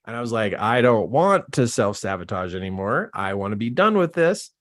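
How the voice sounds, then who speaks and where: A man coaching on self-help, telling his own story in a casual, animated way and acting out his astonished reactions. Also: fairly low pitch, normal speed. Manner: casual, says "like" and "man" often. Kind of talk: personal storytelling to camera.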